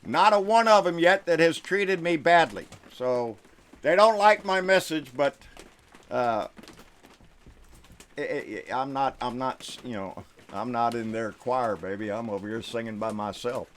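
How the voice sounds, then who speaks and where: A man's voice: mid-range voice, expressive, unhurried. Folksy Texan man ranting. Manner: folksy, swings between quiet asides and loud outbursts. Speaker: live stream host. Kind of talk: political rant live stream.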